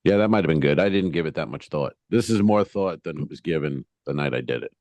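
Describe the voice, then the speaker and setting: A man's voice: very deep voice, fast, no room sound, muffled recording. A man co-hosting a comedy podcast, chatting casually and acting out the voices of people in his stories. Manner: animated, acts out quoted voices in bits. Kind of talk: casual banter.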